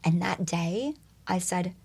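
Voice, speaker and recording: A woman talking as a podcast guest, telling her story in an animated, expressive way and swearing casually. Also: lowish voice, slow, creaky, slightly rough. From United States.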